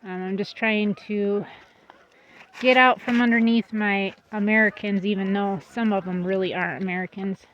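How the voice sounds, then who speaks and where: A woman's voice: medium pitch, steady tone, normal speed, slight background noise. Woman chatting away while showing off her goats, kinda muffled phone audio, goats around. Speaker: goat breeder. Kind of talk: casual vlog tour. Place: outdoors in a goat pen. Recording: slightly dull lo-fi sound.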